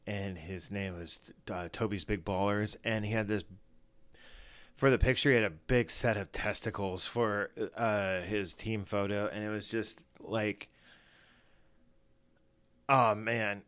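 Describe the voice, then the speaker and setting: A man's voice: lowish voice, fairly even intonation, a little slow, fairly bright tone, dry recording. A man hosting a casual solo livestream in his morning voice, rambling and self-deprecating with lots of fillers and restarts. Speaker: fantasy football streamer.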